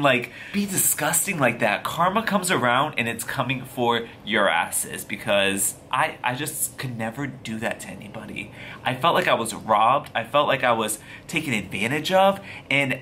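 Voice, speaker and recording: Guy vlogging a story, swears a lot, super animated, bright tense voice. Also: medium pitch, moderate pace, a little hiss or hum. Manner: profane, animated, slangy retelling. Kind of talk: casual storytelling to camera.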